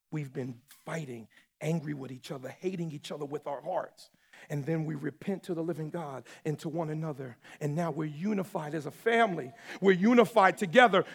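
A high-voiced male pastor with a gravelly rasp preaches a sermon in a reverberant hall. He shouts emphatic lines, then drops to low, quiet asides. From New York or New Jersey area.

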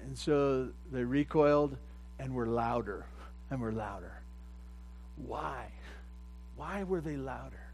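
A man preaching a sermon in a conversational way, often repeating phrases and rising louder at the points he stresses. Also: mid-range voice, takes it slowly, a little hiss or hum, poor audio. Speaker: pastor.

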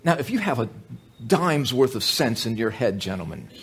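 A man preaching a sermon, joking with the congregation and telling animated stories, with many fillers and restarts. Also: mid-range voice, moderate pace, slightly rough.

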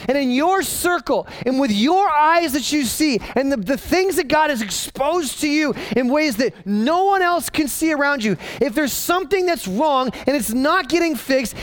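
A pastor preaching with a high, bright-toned male voice. He talks in an animated way and often restarts or repeats phrases. The sound is dry and close, with no room echo. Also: moderate pace, few pauses. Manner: animated, acting out voices of people in the story. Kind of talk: sermon.

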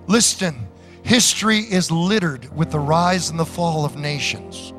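A male pastor preaching a sermon slowly and emphatically, with laughs and sudden lifts in his voice. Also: high-pitched, expressive, sharp tone, faint music behind.

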